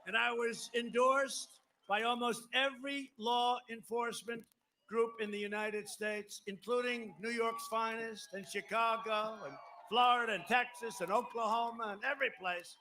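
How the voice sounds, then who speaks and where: A man's voice: very high voice, fairly even intonation, moderate pace, pushed and bright. A man in his seventies giving a rambling, emphatic campaign speech outdoors on a podium microphone, with asides to the crowd. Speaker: politician at a campaign rally. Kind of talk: rally speech. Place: outdoor rally at an airport. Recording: outdoor live broadcast with faint crowd noise.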